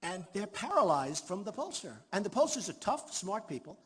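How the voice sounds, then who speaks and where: Man in his sixties, rally speech, boastful, high-pitched, long hall reverb. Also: sing-song, normal speed, a bit bright, husky. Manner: boastful, repetitive, off-the-cuff. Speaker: candidate at a rally. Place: large hall before a crowd. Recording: reverberant hall, faint ambience.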